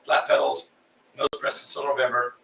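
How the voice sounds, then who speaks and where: A man's voice: mid-range voice, little pitch movement, normal speed, vocal fry, pushed and bright. A man co-hosting a casual chat show, telling stories in an easygoing way. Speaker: co-host. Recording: roomy and distant with faint noise.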